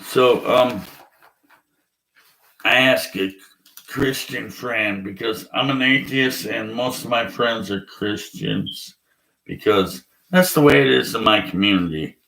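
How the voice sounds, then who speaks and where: A man's voice: medium pitch, slow pace, creaky, sharp tone. A man giving a blunt, profane, rambling vlog rant full of fillers. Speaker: atheist vlogger. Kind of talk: ranting vlog monologue. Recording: echoey room.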